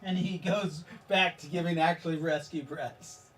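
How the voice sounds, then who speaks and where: A man running a tabletop game as game master, talking in a rambling, halting way and laughing at his own jokes. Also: a little high, fairly even intonation, fairly bright tone, far from the mic, slight background noise.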